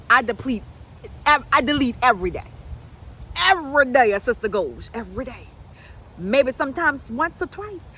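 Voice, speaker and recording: A middle-aged woman talks as a health coach, folksy and emphatic, turning preachy. Her voice sits high and swings widely up and down. Steady traffic and outdoor noise run under her. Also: poor audio. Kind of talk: casual storytelling to camera.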